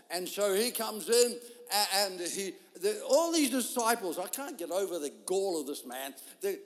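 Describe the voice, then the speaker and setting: A man preaching a sermon, telling a story in an animated way and acting out the voices of people in it. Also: high-pitched. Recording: long hall reverb.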